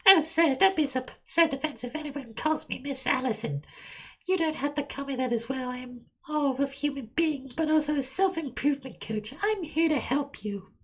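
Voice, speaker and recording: Reading game dialogue aloud at normal speed, a man voices a pushy female self-improvement coach in a high, sing-song falsetto, lecturing in a chirpy tone.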